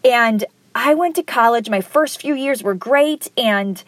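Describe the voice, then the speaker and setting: A woman's voice: on the high side, a little slow, dry recording. A woman in her forties, a parent, hosting a casual solo podcast, talking in a chatty, rambling way and correcting herself as she goes.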